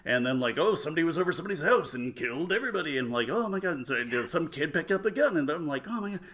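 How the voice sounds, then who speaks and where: A man's voice: on the high side, lively intonation, rapid-fire, fairly bright tone. A man in his forties telling a rambling family story in casual chat, full of restarts and self-mocking humor. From United States.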